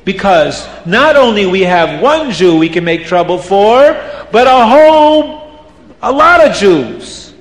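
A man's voice: sits high, sing-song, takes it slowly, voice pushed up, heavily acted. A man voicing a pair of scheming, cackling female witches in a told story, taunting and boastful. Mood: gleeful. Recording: roomy hall reverb.

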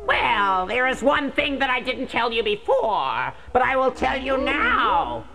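A woman's voice: sits high, big pitch swings, unhurried, vocal fry, a crowd in the background, heavily acted. Woman playing a shrieking, frightened old-story witch. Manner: shrieking, gasping, suspicious. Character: frantic fearful female witch, a medium.

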